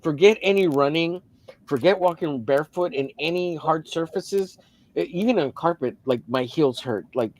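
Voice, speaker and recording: A man's voice: on the high side, moderate pace. A man in casual livestream chat, telling a long story in a rambling, profane way with many restarts. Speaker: co-host of a drawing livestream.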